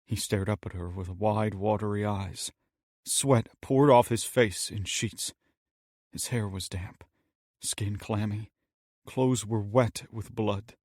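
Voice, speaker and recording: Male audiobook narrator, measured and steady, recorded dry and close. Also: lowish voice, no echo. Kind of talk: scripted narration.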